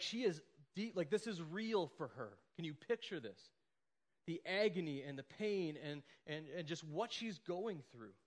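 A man preaches a sermon in an easy, conversational tone, his voice sitting a little higher than most. He keeps checking in with his listeners and briefly acts out the characters as he retells the story. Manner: conversational preaching, acts out quoted lines, frequent "right?" and "like". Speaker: pastor.

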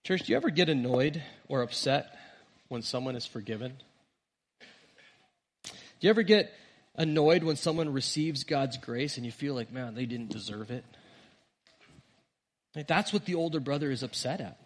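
A man's voice: mid-range voice, lively intonation, normal speed, long pauses. Earnest male pastor preaching. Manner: earnest preaching, rising on emphasis, dropping softly at phrase ends. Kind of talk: sermon.

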